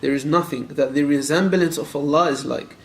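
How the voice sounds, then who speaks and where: A man teaching a room of students, his voice sitting a little high and moving at a quick clip. He presses them with direct questions and repeats phrases for emphasis. Verses are recited quickly, and a faint hum of ambience sits beneath him. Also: fairly even intonation, gravelly. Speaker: Islamic teacher. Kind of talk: classroom lecture on a creed text.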